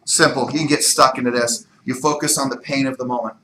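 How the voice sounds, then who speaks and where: A man giving an energetic, emphatic motivational training talk in a meeting room, firing rhetorical questions at the room. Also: mid-range voice, fast, reverberant, a little hiss or hum, low-quality recording. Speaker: real estate sales trainer.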